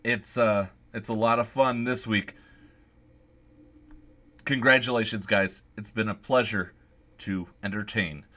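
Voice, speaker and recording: A man's voice: on the low side, fairly even intonation, a little slow, pauses often, sharp tone. A man signing off his segment of a game show with friendly, upbeat well-wishes before handing over. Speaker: guest segment host. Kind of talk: show sign-off.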